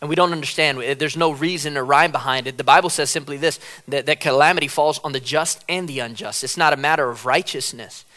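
A man preaching a sermon, conversational and humorous, acting out quotes dramatically and rising at times to loud cries. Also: a little high, fairly quick, few pauses. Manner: dramatic, acts out quotes, rises to shouts.

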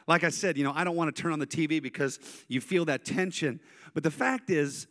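A male pastor preaching a sermon, telling animated personal stories and speaking directly to his congregation. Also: a little high. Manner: animated, storytelling, addresses congregation.

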